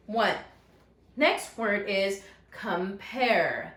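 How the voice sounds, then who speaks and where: A woman teaching a recorded phonics lesson to first graders, stretching out each word slowly and praising the class. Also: fairly high pitch, lively intonation, very noisy. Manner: slow, drawn-out word modeling with encouraging praise. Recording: echoey room sound.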